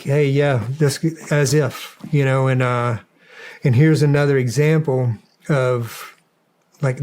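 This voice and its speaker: A man's voice: mid-range voice, a little mellow. Rambling man telling a war story. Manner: rambling, swears, many fillers. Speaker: guest, former soldier. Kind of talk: casual storytelling.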